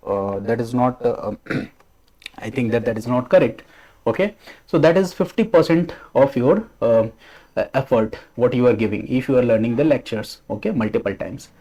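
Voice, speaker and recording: Man teaching, mellow voice. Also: mid-range voice, rough recording. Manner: repetitive, ends lines with a rising "okay?"; slow, drilling emphasis on key phrases. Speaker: history teacher. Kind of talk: exam coaching lecture.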